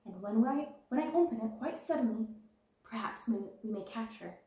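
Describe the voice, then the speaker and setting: A woman voicing a confident, imaginative schoolgirl who speaks in a lively, confiding way in a storybook reading. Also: on the high side, moderate pace, very echoey, recorded from a distance. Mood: playful.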